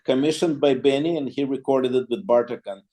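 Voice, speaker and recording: A male clarinetist telling a long anecdote in an interview. His voice is warm and dark at a middle pitch, and he jumps into little quoted exchanges, often restarting his sentences. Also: brisk. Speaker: clarinetist guest. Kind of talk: storytelling in an interview.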